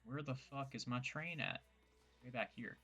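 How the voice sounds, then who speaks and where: Gravelly man rambling over game music. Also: mid-range voice, normal speed, bright, forceful tone. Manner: rambling, joking, self-mocking asides. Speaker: gameplay streamer. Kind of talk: casual gameplay commentary.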